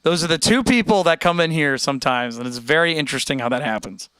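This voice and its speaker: A young American man hosts a live stream, chatting casually and answering his chat directly in an animated way. His voice sits on the high side and moves fast, with a clean tone and a dry recording.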